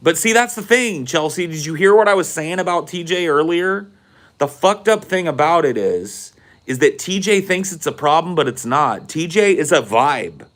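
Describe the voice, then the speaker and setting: A man's voice: a little high, animated, moderate pace, a bit bright. A man hosting a podcast, telling a rambling, profane story in casual chat. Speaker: podcast host.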